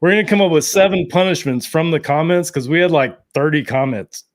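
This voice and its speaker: A man with a slightly higher voice hosts a loose sports podcast chat. He jokes his way through a fan contest and its punishments. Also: brisk. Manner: joking, running a contest segment. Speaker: podcast host. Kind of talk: casual chat.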